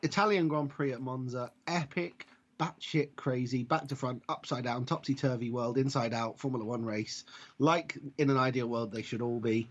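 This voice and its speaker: This wrestling podcast co-host speaks at normal speed in a mid-range voice. He rambles and jokes in casual chat, often correcting himself, and the lo-fi audio sounds dull.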